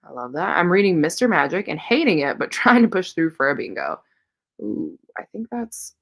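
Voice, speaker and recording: Reading viewer comments aloud and responding on her casual reading sprint livestream, this host drifts into rambling personal stories. She talks at normal speed, very animated, with a fairly low, creaky voice.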